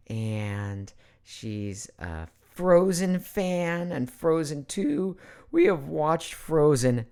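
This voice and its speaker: A man's voice: a little high, sing-song, extremely slow, gravelly, warm tone, smooth. A middle-aged man, a voice actor, hosting a casual live Q&A from his computer at home, chatty and playful, hopping between topics. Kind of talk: casual live-stream chat.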